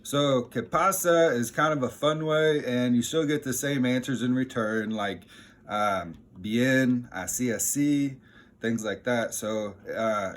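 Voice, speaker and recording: A man giving a casual, chatty lesson as a teacher, self-deprecating and relaxed, with a lively lift when he quotes the phrases he teaches. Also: medium pitch, a little hiss or hum.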